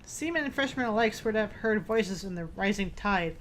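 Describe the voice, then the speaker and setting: A grim, vengeful old fisherman from a spooky game, read out by a woman. His lines come out at a middle pitch with small slips here and there. A faint noise sits under the recording. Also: animated, fairly quick, lightly acted. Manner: reads game dialogue aloud with some stumbles.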